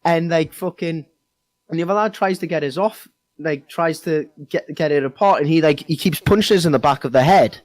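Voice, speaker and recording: A man's voice: fairly high pitch, normal speed, dry recording. A young man with a Geordie accent telling a rambling, sweary story in casual podcast chat. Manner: rambling, heavy swearing, many fillers. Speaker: podcast co-host.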